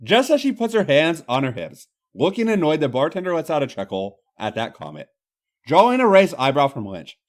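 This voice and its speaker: Reading fan fiction aloud on a comedy show, a male host uses a theatrical, mock-dramatic style. His voice is a little high, his pitch swoops wildly, and he moves fairly quickly.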